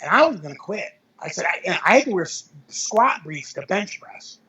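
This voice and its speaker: Husky-voiced middle-aged man telling stories. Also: high voice, big pitch swings, normal speed, pushed and bright, dull audio. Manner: rambling anecdotes with self-corrections and chuckles. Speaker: interview guest, veteran powerlifter. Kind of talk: casual storytelling interview.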